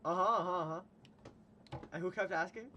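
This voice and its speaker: A man's voice: high-pitched, brisk, sharp tone, lo-fi sound, slight background noise. A young man hosting a casual livestream, chatting with a guest, laughing often and retelling stories. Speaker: stream host.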